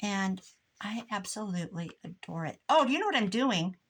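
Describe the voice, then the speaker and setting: A woman's voice: medium pitch, lively intonation, moderate pace. A middle-aged woman from Iowa talks in a loose, rambling way while she crafts at home. Her chat drifts from one tangent to the next. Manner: rambling, chatty, wanders off on tangents. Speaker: crafter vlogger.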